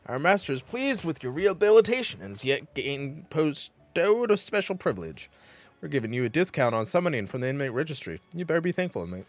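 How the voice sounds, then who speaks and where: A man's voice: on the high side, very animated, fairly quick, dry recording. A man voicing a stern, pompous warden in a bossy, clipped dramatic reading of game dialogue.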